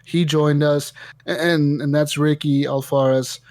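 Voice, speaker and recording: Animated swearing guy on a gaming podcast. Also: on the high side, takes it slowly, no echo. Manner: animated storytelling, heavy swearing. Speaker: podcast host. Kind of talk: casual gaming podcast chat.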